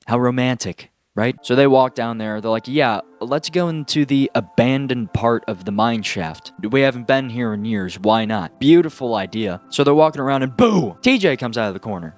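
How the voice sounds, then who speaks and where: Male movie-recap host, middle pitch, sarcastic and excitable, faint music bed. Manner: sarcastic, excitable, lots of fillers. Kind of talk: casual comedic movie recap.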